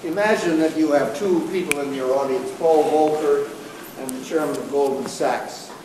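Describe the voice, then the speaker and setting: A man acting as moderator, posing a measured question to a speaker. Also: a little high, a little hiss or hum. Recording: roomy and distant with faint ambience.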